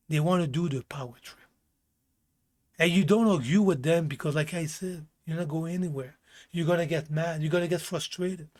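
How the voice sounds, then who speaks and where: A man giving blunt life advice in a casual rant, swearing often, repeating himself for emphasis, with small grammar slips. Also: fairly high pitch. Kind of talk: casual self-help rant.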